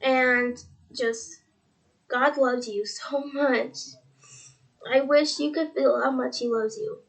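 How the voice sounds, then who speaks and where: A woman's voice: high voice, steady tone, takes it slowly, gravelly. A seventeen-year-old girl talking earnestly in a faith vlog, rambling and tearful, often quoting with "he's like". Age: teens. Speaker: religious vlogger.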